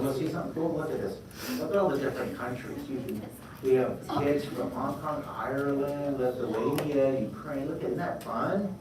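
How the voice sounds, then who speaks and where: Energetic man leading a kids' drawing lesson. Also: mid-range voice. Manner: energetic, encouraging, call-and-response. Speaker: drawing teacher. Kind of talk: live drawing lesson for children. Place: large school hall. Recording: very echoey hall, distant mic, noise.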